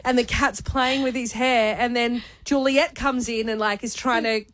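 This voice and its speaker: A woman's voice: on the high side, fairly even intonation, normal speed, a bit bright, no room sound. A woman co-hosting breakfast radio, telling a funny story with giggles. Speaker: radio co-host. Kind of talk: casual radio banter. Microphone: studio mic.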